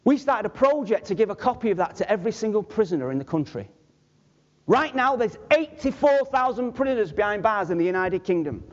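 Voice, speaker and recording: A Manchester man preaching in a very high, lively voice that leaps up and down, joking with his listeners and speaking to them directly. The sound is dull and lo-fi, with a long reverb from the large hall around him. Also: fairly quick. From Manchester, England. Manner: animated, humorous, addresses the audience directly. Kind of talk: sermon with personal storytelling.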